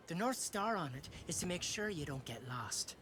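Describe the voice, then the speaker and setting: Earnest young soldier, soft and kind, noisy game audio. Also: male voice, a little high, sing-song, moderate pace.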